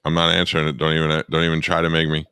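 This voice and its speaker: Deep-voiced radio host, smooth and dry. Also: male voice, monotone, very fast, bright, forceful tone, no echo. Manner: profane, rambling storyteller. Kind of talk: casual podcast chat.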